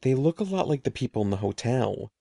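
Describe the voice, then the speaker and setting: A man voicing a curious, anxious young girl who speaks in a lively way. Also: medium pitch, fairly quick, vocal fry, dry recording, studio quality. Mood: worried.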